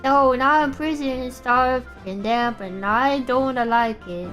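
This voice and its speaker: A woman voicing a whiny, scared French prisoner while reading a game's dialogue aloud with drawn-out, theatrical delivery. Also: high-pitched, fairly bright tone, soft background music, rough recording.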